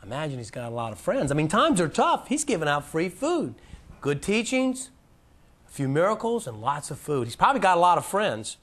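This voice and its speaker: A man teaching a Bible lesson in a casual, folksy way, reading scripture in a lower, slower voice. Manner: animated, drops to a low, slow voice for scripture quotes. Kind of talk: presentation lecture.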